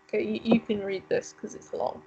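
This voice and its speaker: A woman's voice: mid-range voice, flat delivery, a little fast, mellow, highs cut off, slight background noise. A woman co-hosting a let's play, chatting and musing aloud as she reads game text. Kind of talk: casual gaming commentary.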